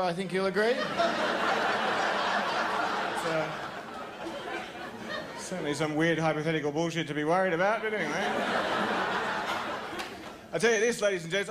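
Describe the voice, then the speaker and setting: An Australian man doing a stand-up comedy set on a club stage, chatty and animated, slipping into put-on voices for his bits. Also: on the high side, heavy background noise.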